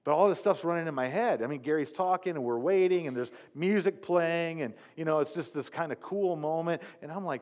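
A male pastor giving a sermon built around a personal testimony, telling the story with animation and dropping to soft, earnest tones when he quotes himself. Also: on the high side, fairly quick, few pauses.

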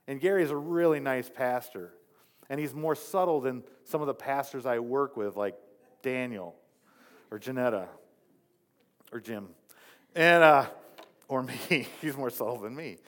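Delivering a sermon around his own testimony, this pastor narrates animatedly, then drops to a soft, earnest register when quoting his past words. He has a mid-range voice, speaks at normal speed, and leaves long pauses.

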